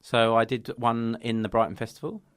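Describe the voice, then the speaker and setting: A man co-hosting a podcast in casual chat, earnest and hesitant, with many pauses and ums. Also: medium pitch, flat delivery, fairly bright tone, clean tone, no echo, studio quality. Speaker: podcast co-host and children's author.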